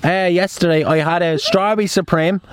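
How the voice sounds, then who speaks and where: A man's voice: high-pitched, fairly even intonation, normal speed, over a noisy crowd. A man, hosting a casual podcast from a parked car, chatting in a loose, rambling way with lots of restarts. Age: 20s. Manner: chatty and rambling, many restarts, retells a film scene with acted lines. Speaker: podcast host. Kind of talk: casual chat.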